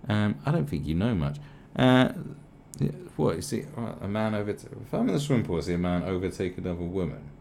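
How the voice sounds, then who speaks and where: A man with a low, gravelly voice delivers a sarcastic commentary rant. He swears freely and asks mock-polite questions again and again, swinging his pitch wildly up and down as he mocks. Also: sing-song, fairly quick, darkish tone, a little hiss or hum. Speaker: video commentator. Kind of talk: ranting commentary.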